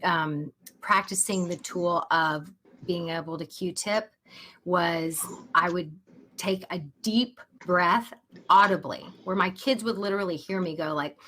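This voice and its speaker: A woman coaching parents in a live webinar, chatty and animated, talking straight to her audience. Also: fairly low pitch, unhurried, slight background noise.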